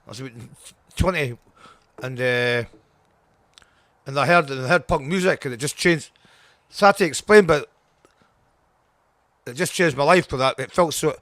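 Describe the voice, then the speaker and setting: A man's voice: on the high side, normal speed, pauses often, a bit bright, no room sound. Scottish man, 60s, blunt and sweary, dry close sound. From Scotland. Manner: blunt, swears a lot, restarts sentences. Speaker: guest punk singer. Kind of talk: casual interview.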